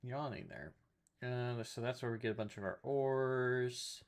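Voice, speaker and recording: A man's voice: mid-range voice, unhurried. A man streaming a game, talking casually to himself and his chat as he looks up recipes. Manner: muttering to himself while looking things up; addresses chat. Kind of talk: casual gameplay commentary.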